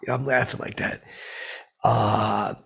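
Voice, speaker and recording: A man's voice: mid-range voice, level tone, vocal fry, fairly bright tone, husky. A man hosting a comedy podcast as a tired, rambling character, telling a story with many restarts and fillers. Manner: rambling, halting, full of uh and restarts. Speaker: podcast host.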